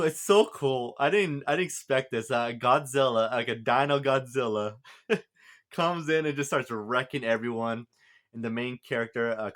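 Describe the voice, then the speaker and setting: A man of average pitch recapping a film in a loose, chatty review. He rambles and restarts often, with frequent filler words and a chuckle here and there. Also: a bit bright. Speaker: movie reviewer. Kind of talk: casual spoken movie review.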